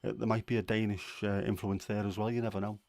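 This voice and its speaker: Chatty Scouse man, low voice. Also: level tone, fast talker, vocal fry, darkish tone, dry recording. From Liverpool, England. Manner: rambling, chatty, many fillers. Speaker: livestream host. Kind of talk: casual chat answering viewers.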